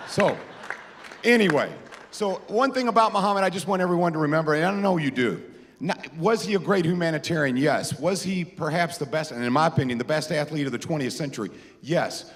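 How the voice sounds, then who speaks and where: A man's voice: fairly high pitch, a little fast, a bit bright. A man giving an informal tribute speech at an awards dinner, telling anecdotes with restarts and repeated words. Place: large casino ballroom. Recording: echoey ballroom PA.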